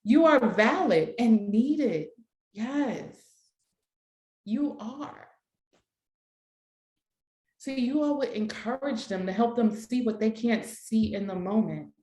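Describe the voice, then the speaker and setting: A woman's voice: fairly high pitch, takes it slowly, long pauses, warm tone, echoey room. A woman leading an online workshop for educators, speaking in an encouraging, affirming way with many repeated phrases, heard over a video call. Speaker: workshop facilitator.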